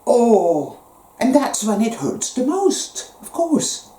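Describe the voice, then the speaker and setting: A woman's voice: on the high side, big pitch swings, slow, mellow. A woman giving an intense, emotional spiritual monologue, gasping at times and swearing now and then. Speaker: spiritual vlogger. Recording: echoey room.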